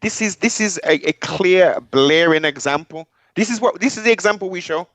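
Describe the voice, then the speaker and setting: A man's voice: high voice, moderate pace, fairly bright tone. A man co-hosting a casual livestream, speaking emphatically and repeating phrases for stress. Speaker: livestream co-host.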